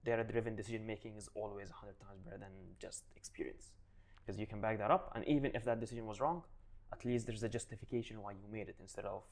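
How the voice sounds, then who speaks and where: Low-voiced man answering interview questions. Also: fast talker, creaky. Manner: relaxed, many restarts and "you know". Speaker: guest, digital advisor.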